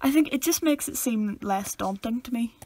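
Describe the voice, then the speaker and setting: A woman's voice: fairly high pitch, animated, moderate pace, warm tone. A young woman, co-hosting a podcast in giggly, casual chat. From Northern Ireland. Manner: chatty, giggly, slips into voices when telling stories. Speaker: podcast co-host.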